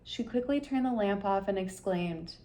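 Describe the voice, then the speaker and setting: A woman reads a children's picture book aloud, expressive and gentle in her storytelling. She has a medium-pitched voice and a moderate pace.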